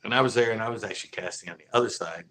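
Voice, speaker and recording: A man's voice: on the low side, racing, sharp tone, low-quality recording. A man casually telling stories from his fishing tournaments, laid-back and often laughing as he acts out other people's lines. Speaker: fishing channel host. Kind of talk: casual storytelling.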